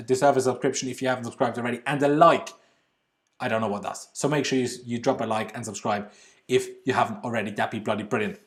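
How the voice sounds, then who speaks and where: A man with an Austrian accent hosting a casual football livestream from home, chatting loosely with British slang and answering viewer comments. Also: medium pitch. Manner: casual British slang, says "bloody" often. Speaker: football channel host.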